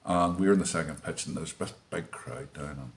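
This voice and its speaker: An older man, telling a sports anecdote in a lively storytelling manner. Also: extremely low pitch, normal speed. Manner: animated storyteller, laughs as he tells it. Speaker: interviewee, former teammate.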